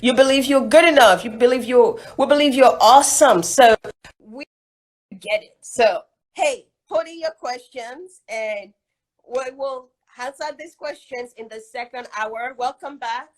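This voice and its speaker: Nigerian woman, high voice, emphatic encouraging live-stream host. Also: measured pace. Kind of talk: casual live-stream chat.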